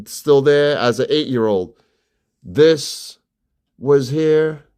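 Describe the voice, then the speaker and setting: Walking his family home on a phone live stream, a fifty-something man from New York talks easily with his viewers. He's chatty and unhurried, his ordinary mid-pitch voice frequently sinking soft and low as his sentences trail away.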